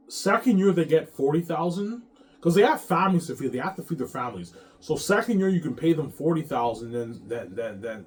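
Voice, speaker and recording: Male vlogger, casual and animated, stumbling restarts, lively range. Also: on the high side. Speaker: author and vlogger. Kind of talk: casual monologue.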